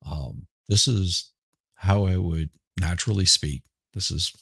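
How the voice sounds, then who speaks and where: A middle-aged man with a Southern accent talks casually on his livestream. His voice is hoarse and gravelly, very deep and unhurried. He rambles and repeats himself in a dry, close recording. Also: fairly bright tone, no room sound. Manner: rambling, halting, repeats words. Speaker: livestream host. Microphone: headphones with mic.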